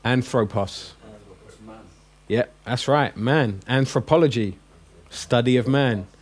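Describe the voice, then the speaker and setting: A man's voice: mid-range voice, slow pace, slightly rough. A man teaching a classroom language lesson, joking and coaxing his students with questions.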